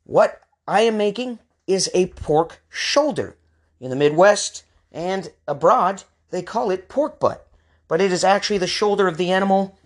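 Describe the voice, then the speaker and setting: A man's voice: high voice, lively intonation, moderate pace. A man in his thirties from the US West Coast, hosting a podcast with a rambling, ranting comic monologue. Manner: ranting, rambling, crude jokes. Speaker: podcast host. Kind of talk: comedic monologue.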